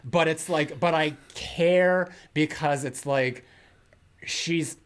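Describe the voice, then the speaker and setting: A man's voice: a little high, takes it slowly. An American man co-hosting a podcast, talking in long rambling thoughts full of "like" and restarts. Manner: rambling, many fillers and restarts. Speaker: podcast co-host. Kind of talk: casual chat.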